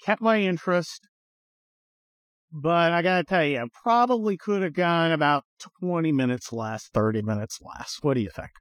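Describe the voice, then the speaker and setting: A man's voice: on the high side, expressive, moderate pace, a bit bright, no room sound. A man hosting a podcast from inside a car, giving blunt, profane opinions in a rambling, casual way with lots of fillers. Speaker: podcast host.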